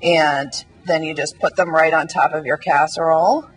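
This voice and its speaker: A woman's voice: deep voice, steady tone, breathy edge, rough recording. A woman food editor on a TV morning show, explaining a recipe step by step in an upbeat way with frequent ums. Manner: upbeat, explanatory, many ums, quick laughs. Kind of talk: TV cooking demonstration. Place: TV studio kitchen.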